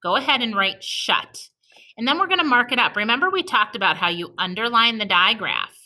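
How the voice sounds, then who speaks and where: Fairly high-pitched, animated, and pushed and bright, a woman leads a recorded reading lesson for little children. She slowly and patiently sounds out every letter and offers them praise.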